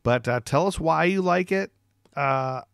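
A man's voice: on the high side, a little slow, gravelly, a bit bright, clear, resonant tone, dry recording, studio quality. A man co-hosting a casual podcast, rambling and joking with lots of fillers. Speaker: podcast co-host. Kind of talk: casual chat.

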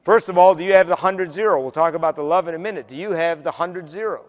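A man giving a keynote speech, telling stories in an animated, conversational way with humor. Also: a little high, fast. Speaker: keynote speaker. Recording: long hall reverb.

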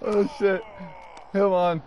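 A man streaming a wrestling game, chatting casually, cursing and yelling at the action. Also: high-pitched, slow, a loud crowd. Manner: excitable, profane, yells and laughs at the game. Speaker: gaming streamer. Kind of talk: casual gameplay chat.

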